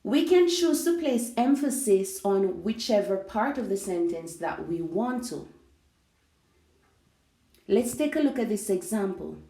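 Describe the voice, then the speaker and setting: Slow, mellow-voiced woman teaching English. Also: medium pitch, animated. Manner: slow explanatory teaching, switches into Spanish for glosses. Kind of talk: language lesson. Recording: echoey room.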